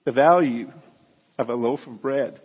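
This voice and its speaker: Husky male preacher in a reverberant hall. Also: mid-range voice, lo-fi sound. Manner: earnest, halting, with repeated restarts. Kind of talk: sermon storytelling.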